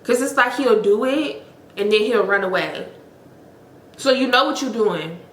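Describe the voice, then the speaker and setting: Young woman spilling a storytime, bright sharp voice, lots of "like", echoey room. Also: a little high, a little slow. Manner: animated, emphatic, heavy use of "like". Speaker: storytime vlogger. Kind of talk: casual storytelling.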